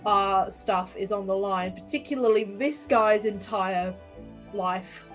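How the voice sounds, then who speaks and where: A woman's voice: mid-range voice, steady tone, slow pace, faint music behind. A woman speaking in character in a tabletop role-playing game, earnest and lecturing, often repeating herself. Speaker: player.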